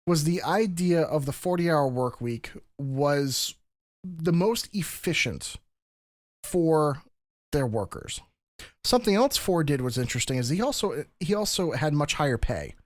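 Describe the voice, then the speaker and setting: A man's voice: on the high side, no echo, studio quality. A man hosting a podcast, explaining history in a casual, lecturing way with frequent restarts. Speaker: podcast host.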